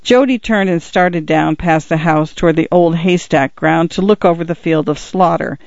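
A man narrating a story in a steady, even audiobook reading. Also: a little high, moderate pace, vocal fry, no echo. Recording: dull, lo-fi dry recording.

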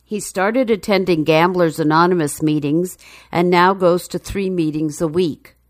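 Female narrator for a news feature: low voice, dry close sound, measured and even. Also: dry recording.

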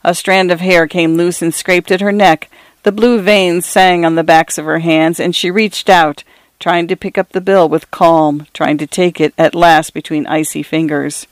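A woman hosting a radio program, reading short stories aloud in a measured literary style. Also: fairly low pitch, steady tone, no echo. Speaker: radio host and reader. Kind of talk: scripted short story narration.

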